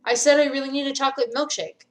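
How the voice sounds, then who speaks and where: A woman voicing an emotional young female dancer, pitched higher and brighter than her own voice. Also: fast, close to an everyday voice. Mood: playful.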